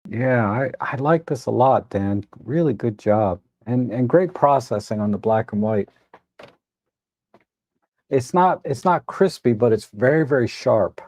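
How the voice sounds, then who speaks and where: Gravelly, relaxed livestream host. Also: male voice, medium pitch, measured pace, no echo, studio quality. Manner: relaxed, rambling, self-correcting with frequent restarts; tired, admits yawning. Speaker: photo editing livestream host. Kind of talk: casual live commentary.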